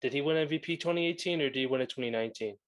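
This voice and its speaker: A young man with a fairly high voice chats loosely on a sports podcast, joking and breaking into laughter. His talk is relaxed and conversational. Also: rapid-fire. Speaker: podcast co-host. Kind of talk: casual sports chat.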